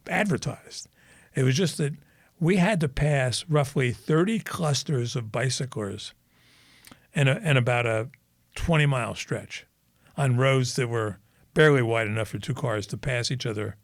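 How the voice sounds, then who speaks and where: A man's voice: medium pitch, a little slow, creaky, long pauses, dry recording, studio quality. A man co-hosting a podcast, chatting casually and telling rambling anecdotes while laughing at his own jokes. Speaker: podcast co-host. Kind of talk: casual chat.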